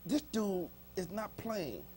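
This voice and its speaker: A man preaching a sermon as pastor, folksy and joking with the congregation, swinging between soft asides and sudden shouts. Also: high-pitched, sing-song, slow, faint music behind. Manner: folksy, humorous, talks to the congregation. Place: church sanctuary.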